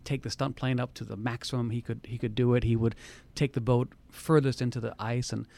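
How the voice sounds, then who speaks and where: A man's voice: mid-range voice, little pitch movement, gravelly, a little mellow. A man interviewing his mother, prompting her with details and questions. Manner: fast, prompting, fills in details.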